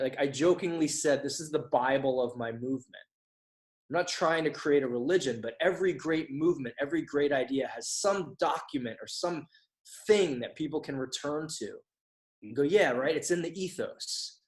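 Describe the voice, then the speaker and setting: A man's voice: on the high side, low-quality recording. A man guest on a podcast, telling his story candidly, swearing freely and acting out quoted dialogue. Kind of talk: casual storytelling interview.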